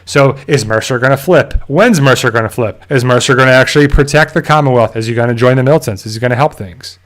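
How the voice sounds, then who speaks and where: A man in the middle pitch range hosts a casual live-stream recap of a TV episode. He rambles, digresses and circles back over the same points in loose, chatty sentences. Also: fast, a bit bright. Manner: rambling, digressive, repeats himself. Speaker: channel host.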